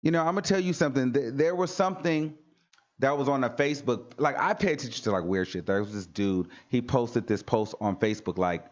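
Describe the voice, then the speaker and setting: A man's voice: medium pitch, brisk. Earnest preachy man, lo-fi stream audio. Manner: earnest, preachy, repeats himself for emphasis. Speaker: talk show host. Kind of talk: casual motivational livestream talk.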